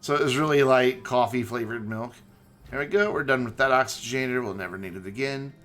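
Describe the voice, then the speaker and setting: A man streaming a game, chatting casually and joking in a rambling, animated way. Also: mid-range voice, fairly quick, faint music behind. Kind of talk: casual chat while playing a game.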